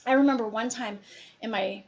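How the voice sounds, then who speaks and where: A woman's voice: a little high, a little fast, gravelly, muffled recording, a little hiss or hum. A woman from Appalachia with an Appalachian accent, giving chatty, encouraging advice to students in a presentation. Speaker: college advisor.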